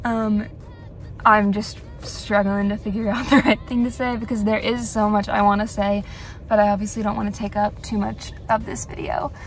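A woman's voice: mid-range voice, level tone, moderate pace, slight background noise. A young woman recording an earnest birthday message for a friend, searching for the right words.

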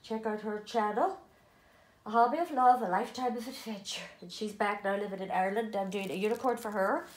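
A woman's voice: mid-range voice, fairly quick. Breathless older woman chatting in an echoey room. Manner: rambling, affectionate, chatty. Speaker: doll collector vlogger. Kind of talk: casual chatty vlog. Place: room in her apartment.

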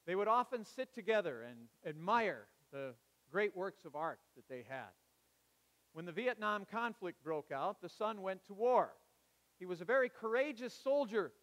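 A man preaching a sermon, telling a story in a measured, dramatic way. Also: on the high side, fairly bright tone, in a large hall. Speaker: pastor. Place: church sanctuary.

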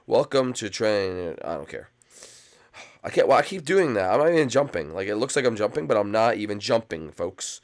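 Gravelly young man rambling over gameplay. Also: fairly low pitch, very animated, moderate pace. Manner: rambling, lots of "like" and "folks". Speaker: gaming YouTuber. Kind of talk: casual game commentary.

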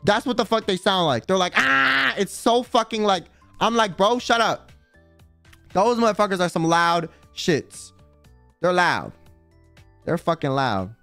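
Brief: male streamer, high and bouncy voice, smooth and dry, rambling profane chat over faint music. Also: normal speed, dry recording. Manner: rambling, profane, heavy use of "like"; animated, dramatic emphasis. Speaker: livestream host.

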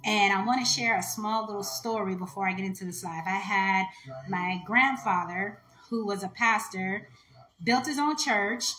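A woman's voice: medium pitch, normal speed, sharp tone, reverberant, poor audio. A woman hosting a jewelry live stream, talking to viewers in a heartfelt, chatty way. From United States. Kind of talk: casual live-stream talk.

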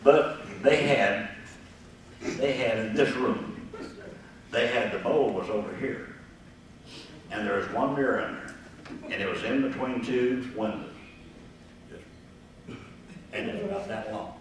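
A man's voice: mid-range voice, unhurried, pauses often. An older man telling a rambling, folksy story to a live group, chuckling and acting out the voices of the people in it. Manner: chuckling, folksy, acts out the voices in his stories. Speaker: guest storyteller at a gathering. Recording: echoey room, voice from far off the mic, faint noise.

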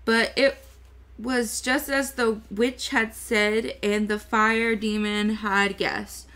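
A woman reads a novel aloud to her listeners, slow and deliberate. Her voice sits a little high and sounds bright. She trips over words and goes back to correct them. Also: level tone. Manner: slow, careful reading with small slips and self-corrections. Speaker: VTuber book reader.

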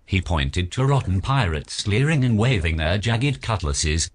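A man reading a children's picture book aloud as narrator, in an expressive storybook manner. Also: lowish voice, a little slow.

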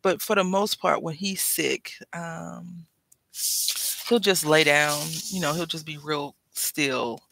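A woman's voice: sits low, takes it slowly, vocal fry, fairly bright tone, dry recording, rough recording. A woman chatting casually while she works on a craft project, rambling and wryly complaining in an easygoing way.

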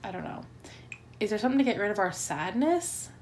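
A woman's voice: mid-range voice, big pitch swings, brisk, a little mellow, a little hiss or hum. A woman hosting a let's play, giving chatty gameplay commentary and getting easily flustered and melodramatic.

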